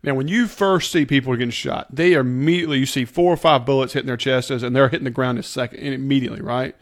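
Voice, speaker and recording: A man's voice: medium pitch, steady tone, fast. A man co-hosting a podcast, breaking down a TV episode in casual chat, emphatic and explaining his points step by step. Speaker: podcast co-host.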